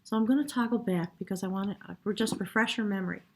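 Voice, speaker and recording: A woman giving a spiritual tarot reading in a soft, reverent way, sometimes dropping to a hush and getting choked up. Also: mid-range voice, quick pace. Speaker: tarot reader.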